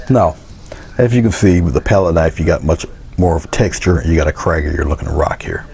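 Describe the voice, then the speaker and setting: Relaxed male art teacher, deep and gravelly, narrating his brushwork in a studio, faint background hiss. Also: moderate pace. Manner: relaxed, talks through each step, trails into quiet asides. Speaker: painting instructor. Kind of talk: casual painting demonstration. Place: indoor studio.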